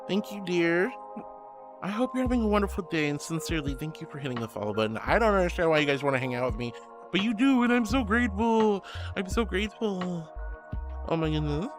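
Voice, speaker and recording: A man's voice: a little high, sing-song, fast, over music. A man streaming live in a casual, gushing and affectionate way, reading chat aloud and greeting viewers with giggles.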